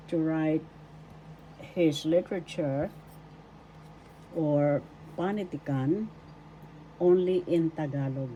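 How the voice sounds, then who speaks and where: Slow, low-voiced woman teacher. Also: dark tone, a little hiss or hum, poor audio. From Philippines. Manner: spells out syllables and repeats words. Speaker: language teacher. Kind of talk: slow classroom lesson.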